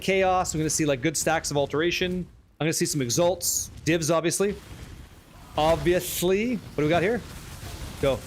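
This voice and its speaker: A man with a high-pitched voice narrates his live game session, chatty and easily excited. He swears casually as he talks to his viewers, with a faint hum of ambience behind him. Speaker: streamer. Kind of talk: live gameplay commentary.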